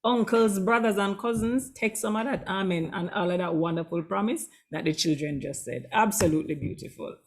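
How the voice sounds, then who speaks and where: A woman's voice: medium pitch, a little fast, hardly any pauses. A woman hosting an online school concert. She is effusive and chatty, gushes openly about the performances, and reads guest introductions. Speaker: concert emcee.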